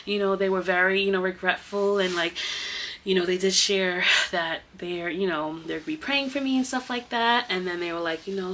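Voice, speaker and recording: A woman who teaches kindergarten tells a story in a casual, animated vlog and speaks straight to her viewers. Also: moderate pace, a little hiss or hum. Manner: animated, emotional retelling with big swings in pitch; casual, addresses viewers as y'all.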